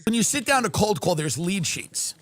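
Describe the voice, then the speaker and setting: A man's voice: high-pitched, very animated, moderate pace. A man hosting a livestream, riffing through a sarcastic comedic rant. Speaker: livestream host.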